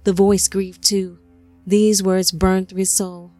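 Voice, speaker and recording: A woman narrating an audiobook in a measured, somber storytelling manner on a close mic. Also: medium pitch, little pitch movement, a little mellow, dry recording, faint music behind.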